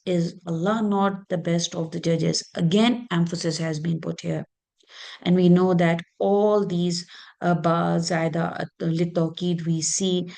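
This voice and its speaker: A woman teaching an Arabic grammar lesson, explaining slowly and patiently with many fillers. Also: lowish voice, darkish tone.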